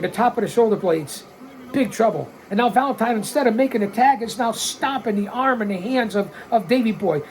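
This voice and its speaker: Man in his sixties, watch-along host, rowdy cussing play-by-play, faint noise behind. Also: sits high. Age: 60s. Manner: excitable, blunt and profane, calls out mistakes. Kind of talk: wrestling watch-along commentary.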